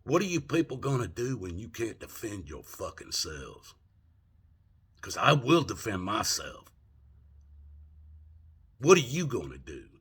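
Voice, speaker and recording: A man's voice: on the low side, wildly swooping pitch, measured pace, pauses often, fairly bright tone, slightly rough. An older man ranting angrily from home, profane and indignant, firing off rhetorical questions. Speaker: vlogger. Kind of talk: angry political rant.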